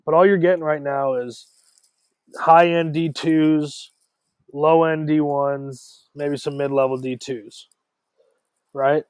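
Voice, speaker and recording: Dry-sounding man, quick casual talk. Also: on the high side, clear, resonant tone, no room sound. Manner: animated, talks in quick runs with repeated starts. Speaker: podcast guest, former college ballplayer. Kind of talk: casual podcast chat.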